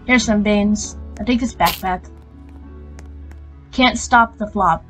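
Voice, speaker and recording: A woman's voice: medium pitch, takes it slowly, long pauses, soft background music, low-quality recording. A young woman giving casual commentary while playing a video game and reading its text aloud. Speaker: gaming channel host.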